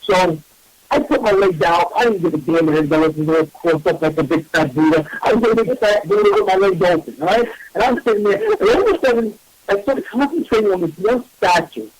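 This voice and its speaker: A man, a psychic medium hosting a radio show, telling a story in a casual, animated and self-mocking way. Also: sits high, fairly quick, low-quality recording.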